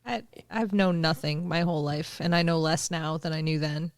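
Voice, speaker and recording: A woman's voice: deep voice, steady tone, normal speed, dry recording, clean studio sound. A woman co-hosting a casual podcast, making wry, sarcastic asides. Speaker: podcast co-host.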